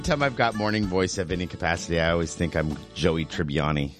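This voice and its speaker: A male morning radio host speaks into a studio mic with a slightly low, rough morning voice. He rambles cheerfully through announcements and keeps correcting himself mid-thought. Soft music plays faintly underneath. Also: fairly quick, hardly any pauses. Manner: upbeat, rambling, self-correcting. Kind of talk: casual radio chat with announcements. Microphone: studio microphone.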